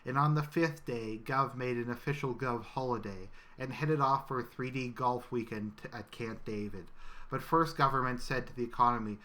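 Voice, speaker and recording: A man giving a scripted satirical reading in a solemn, mock-biblical cadence with deadpan asides. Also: mid-range voice, normal speed. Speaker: satirical reader.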